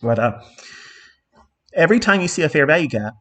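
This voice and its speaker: A man's voice: fairly high pitch, big pitch swings, brisk, a bit bright. A middle-aged man teaching a live trading lesson in an emphatic, profane way, with a lot of repetition. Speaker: trading mentor.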